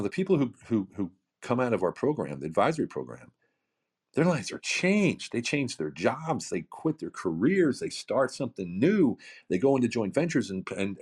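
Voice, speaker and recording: A man's voice: on the low side, husky. A middle-aged man giving emphatic motivational podcast talk, full of repetition and rhetorical questions. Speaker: founder of a coaching program, podcast guest.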